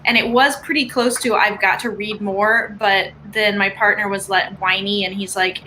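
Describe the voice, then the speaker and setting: Bright-voiced woman telling a story. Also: medium pitch, normal speed, few pauses, a little hiss or hum, poor audio. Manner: storytelling, animated quoting of herself. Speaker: guest in writing group stream. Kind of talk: casual chat.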